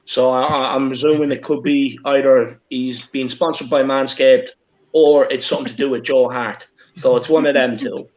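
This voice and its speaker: A man with an Irish accent hosting a casual fan live stream, upbeat and shouting out viewers. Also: medium pitch, fairly even intonation, moderate pace. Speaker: stream host. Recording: dull lo-fi stream audio.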